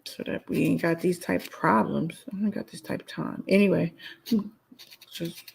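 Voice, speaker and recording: A woman's voice: fairly low pitch, steady tone, moderate pace, creaky, a little mellow, slightly rough. A woman hosting her own podcast, ranting bluntly and sassily in a solo show while answering her live chat. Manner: blunt, sassy, repetitive ranting. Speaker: podcast host.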